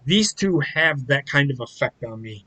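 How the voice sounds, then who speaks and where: A man's voice: medium pitch, animated, moderate pace, pushed and bright, poor audio. A man co-hosting a casual live watch-along chat, ranting in a heated, profane way. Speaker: podcast co-host.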